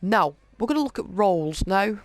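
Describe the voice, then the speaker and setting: A man hosting a gaming video, casually reading through a list of in-game items with many halting fillers. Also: high-pitched, lively intonation, dry recording. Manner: reads off item lists, halting with frequent fillers. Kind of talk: casual game walkthrough commentary.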